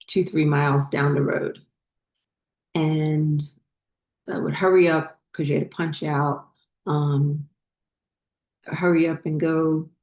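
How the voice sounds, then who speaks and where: A woman telling a personal story in a rambling, halting way, full of fillers and restarts, as a spiritual vlogger. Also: low voice, a little mellow.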